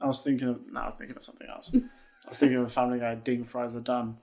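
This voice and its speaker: A man's voice: mid-range voice, level tone, racing, vocal fry. Laid-back young man, short blunt replies. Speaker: co-host reacting to an album. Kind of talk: casual music reaction chat.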